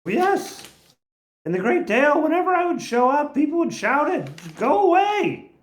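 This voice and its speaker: A player in a casual tabletop game, speaking bluntly and deadpan. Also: high voice, moderate pace. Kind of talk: casual tabletop role-play.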